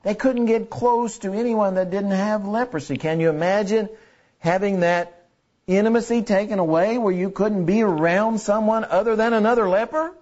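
A man's voice: high voice, moderate pace, a little mellow, highs cut off. A man preaching a sermon in an earnest way, repeating key phrases for emphasis. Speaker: pastor.

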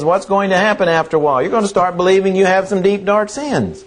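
A man preaching a sermon in a slow, earnest way, repeating phrases for emphasis. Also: high voice.

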